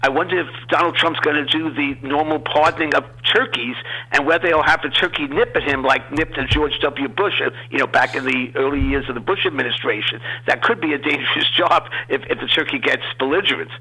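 A man from New York, a guest on a radio talk show, giving measured opinions in casual chat. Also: a little high, bright, forceful tone, slightly rough, low-quality recording. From Queens, New York. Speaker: guest commentator.

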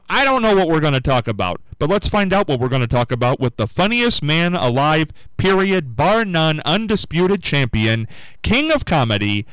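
A man's voice: on the high side, a bit bright, smooth, no room sound, rough recording. A man hosting a radio interview, upbeat and chatty, laughing along with his guest. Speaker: radio host.

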